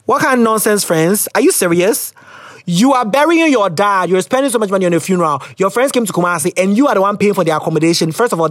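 Animated Ghanaian man, lively pitch. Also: no echo, clean studio sound. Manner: playful and animated, slips into sassy quoted voices. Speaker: podcast host reading listener letters. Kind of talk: casual advice chat.

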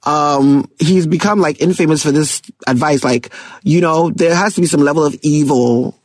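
A young man giving casual, excitable commentary on songs, laughing often and rapping lyrics aloud. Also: on the high side, normal speed, no room sound. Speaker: music reviewer. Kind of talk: casual music reaction commentary.

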